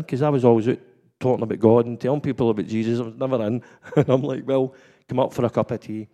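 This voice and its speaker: A man's voice: mid-range voice, steady tone, quick pace, mellow. A Scottish man giving a personal testimony in church, telling his story in a chatty way and laughing often. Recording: long hall reverb.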